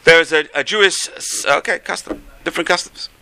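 Male rabbi, Torah class, gravelly, bright tone, animated storytelling. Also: fairly high pitch, fairly quick. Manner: animated storytelling with Hebrew phrases.

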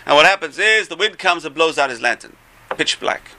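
In an animated, storytelling Torah talk, a man with a gravelly, slightly high voice speaks briskly. He swings between loud bursts and soft asides.

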